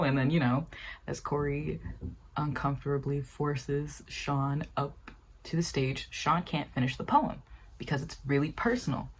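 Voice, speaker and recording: Young woman, low and husky voice, casual vlog commentary, exasperated and animated. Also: normal speed. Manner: animated and exasperated, acting out quotes with jumps in pitch. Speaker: video essay creator.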